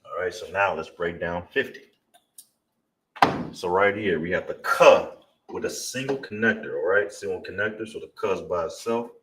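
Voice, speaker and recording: A man teaching a live-streamed lesson, drilling pronunciation slowly and checking in with viewers as he goes. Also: low voice, echoey room, recorded from a distance, very noisy. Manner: slow, drawn-out pronunciation drills with repeated check-ins.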